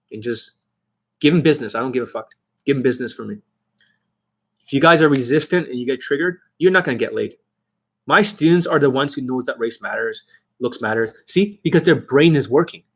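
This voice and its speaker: Husky, profane male dating coach. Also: mid-range voice. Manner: aggressive, profane, confrontational. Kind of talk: profane livestream rant.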